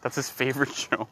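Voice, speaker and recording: Man, slightly high voice, crude teasing banter, outdoors in the woods, faint background noise. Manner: crude, teasing, loud outbursts. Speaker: hiker filming outdoors. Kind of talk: casual joking chat.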